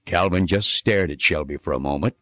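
A man narrating a children's storybook in an expressive, sing-song reading manner. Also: low-pitched, fairly quick, no room sound.

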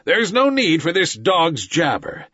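A man's voice: fairly high pitch, wildly swooping pitch, a little slow, pushed and bright, no room sound, pitched above the performer's own voice, heavily acted. A man voicing a defiant boy raised by wolves, crying out in fury, in a slightly dull recording. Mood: furious.

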